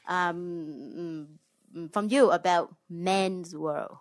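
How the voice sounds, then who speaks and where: A woman in her thirties from Vietnam, a podcast guest speaking English hesitantly with many pauses. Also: on the low side, no echo, studio quality. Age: 30s. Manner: hesitant, many ums, careful. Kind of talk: casual podcast chat.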